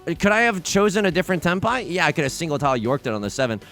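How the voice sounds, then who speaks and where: A young man casually commenting on his own game play, jokey and animated, talking to his chat with sudden loud outbursts. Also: fairly high pitch, racing, faint music behind. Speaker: let's play streamer.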